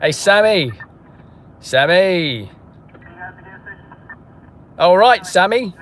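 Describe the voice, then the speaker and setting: A man's voice: high-pitched, expressive, very slow, fairly bright tone, pitched above the performer's own voice, full character voice. A man putting on a British accent, playing a cheery young bloke calling out to his mate. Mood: chummy. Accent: put-on British. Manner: chummy, playful.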